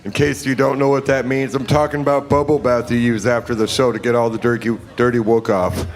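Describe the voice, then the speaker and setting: A man's voice: medium pitch, level tone, a little fast, soft background music. Rambling self-mocking male comic. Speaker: stand-up comic. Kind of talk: stand-up routine.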